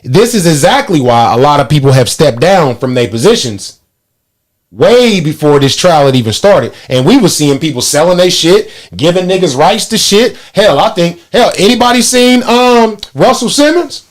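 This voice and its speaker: A man's voice: a little high, normal speed. A man, hosting a podcast and telling profane stories in casual chat. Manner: animated storytelling, profane, laughs often. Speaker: podcast host.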